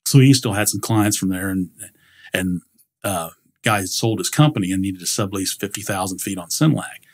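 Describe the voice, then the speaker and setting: A man's voice: low-pitched, moderate pace, slightly rough. A middle-aged man telling stories in a casual interview, rambling with many fillers and acting out quoted dialogue. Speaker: guest, industrial leasing director.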